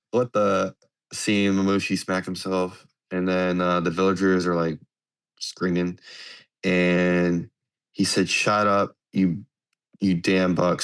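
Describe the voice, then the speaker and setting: Lowish voiced dude going through comic pages on a podcast, chill, lots of ums. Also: male voice, a bit bright, smooth. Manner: easygoing, page-by-page recap with fillers. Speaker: podcast co-host. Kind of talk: casual chat walking through a manga chapter.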